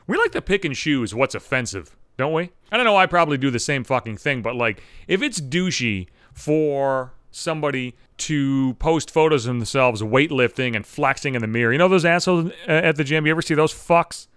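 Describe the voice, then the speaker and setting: A man's voice: medium pitch, animated, fairly quick, few pauses, fairly bright tone, clean tone, no room sound, studio quality. A man hosting a podcast, delivering a sarcastic, heavily profane comedic rant. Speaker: podcast host.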